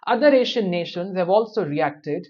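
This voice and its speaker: A man's voice: sits high, lively intonation, normal speed. A man giving news commentary, dropping wry, opinionated personal asides between the reports. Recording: dull lo-fi recording.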